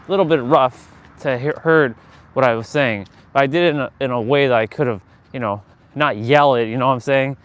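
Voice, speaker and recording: A man's voice: a little high, fairly bright tone, a little hiss or hum. A man hosting a casual motivational livestream outdoors, talking earnestly in a rambling way with many fillers and restarts. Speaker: live-stream host.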